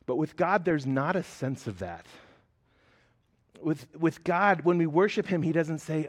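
A man's voice: sits high, expressive, moderate pace. Earnest man preaching a sermon. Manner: earnest, building to loud emphatic peaks then dropping soft. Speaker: pastor.

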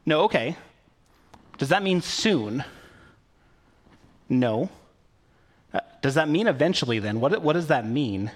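A man's voice: a little high, lively intonation, slow pace, long pauses, breathy edge, heavily acted. A man voicing Abraham as a confused, impatient old man, asking questions hesitantly and stammering. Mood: puzzled.

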